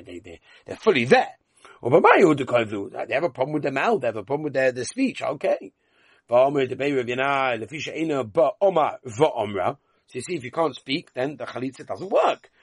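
A man's voice: mid-range voice, breathy edge, dry recording. A man leading a Talmud class, reading the Aramaic text aloud and explaining it in with frequent questions. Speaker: Talmud teacher.

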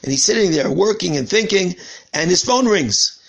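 A man's voice: sits high, animated, moderate pace, creaky, a bit bright, husky. A man from Washington, D.C., giving a conversational Torah lesson as a rabbi, earnest and telling a story with repeated phrases. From Washington, D.C., USA. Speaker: rabbi teaching.

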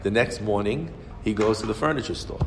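A man giving a storytelling sermon, animated and acting out the characters as he goes. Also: fairly low pitch, a little fast, big-room sound, background noise. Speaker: speaker giving a Torah talk.

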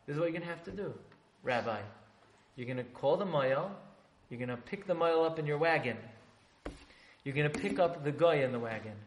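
A man's voice: a little high, brisk, natural voice. A man playing a stern, exasperated elderly sage who scolds and gives orders emphatically. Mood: commanding. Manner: emphatic, scolding, then commanding. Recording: echoey room, faint background noise.

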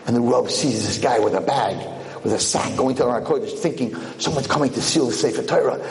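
A man telling a story in a lecture to a community, in an animated storytelling manner. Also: mid-range voice, quick pace, slight background noise. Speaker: rabbi lecturer. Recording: echoey hall.

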